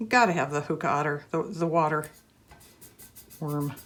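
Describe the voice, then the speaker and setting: A woman's voice: deep voice, steady tone, moderate pace, a bit bright. A woman hosting a casual crafting vlog, giggling and gushing as she squeals over cute stickers. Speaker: crafting channel host.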